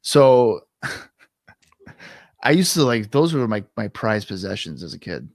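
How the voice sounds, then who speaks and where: In a casual storytelling chat, a young man co-hosting a podcast meanders through his stories, cursing and acting out quotes from his past. His voice is on the low side with big pitch swings, at a measured pace. It's clean studio sound with no room sound.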